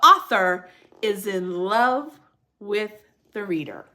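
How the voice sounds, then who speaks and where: A woman's voice: mid-range voice, expressive, slow pace, sharp tone. A middle-aged woman hosting a casual livestream, chatting and laughing as she reacts to viewer comments.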